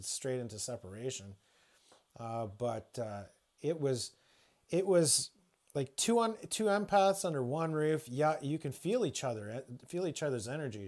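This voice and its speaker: A man's voice: mid-range voice, darkish tone. A man livestreaming from home, rambling and swearing freely with many restarts as he tells a personal story. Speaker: spiritual livestreamer.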